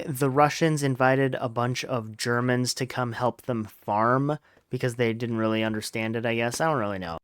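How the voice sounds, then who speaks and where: A man's voice: medium pitch, clean tone, no room sound. A man hosting a let's-play podcast, chatting casually about a book with lots of fillers and playful gamer slang. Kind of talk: casual book discussion over gameplay.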